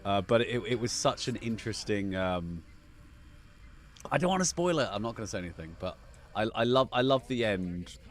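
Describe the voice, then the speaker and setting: A man's voice: fairly low pitch, animated, moderate pace. A man hosting a live gaming chat stream, chatty and effusive, often laughing.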